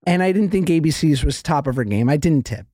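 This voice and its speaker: A podcast co-host with a lively, swooping voice who tells a story with mock indignation and slangy phrasing. The sound is dry and close to the mic. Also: male voice, fairly high pitch, brisk, no room sound. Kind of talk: casual chat.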